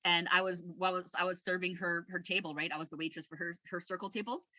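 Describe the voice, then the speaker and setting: A woman from Canada, speaking with a bright, forceful tone, recounts her own experiences in a loose, conversational way. She rambles, restarts her sentences and laughs easily, and the recording is close and dry, with no room sound. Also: fairly low pitch, steady tone, fast, dry recording. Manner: rambling and candid, laughs often, many restarts. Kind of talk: casual personal storytelling.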